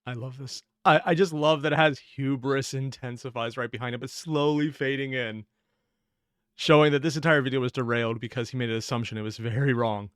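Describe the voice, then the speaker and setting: A man's voice: medium pitch, steady tone, fairly quick, fairly bright tone, clean tone, no echo, clean studio sound. Chatty man in his thirties reacting. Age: 30s. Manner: chatty, laughing asides, self-mocking. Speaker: reaction channel host. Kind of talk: casual reaction commentary.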